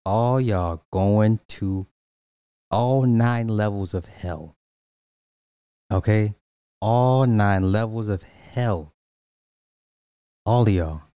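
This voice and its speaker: A man's voice: on the low side, drawn-out words, long pauses, mellow, clean tone, dry recording. A man livestreaming in casual slang, joking with and roasting the people in his chat.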